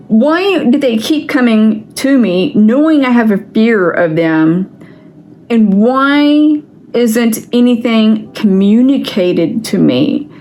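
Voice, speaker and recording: A woman's voice: a little high, a little mellow. A woman vlogger ranting in a casual vlog, angry and frustrated, with frequent swearing.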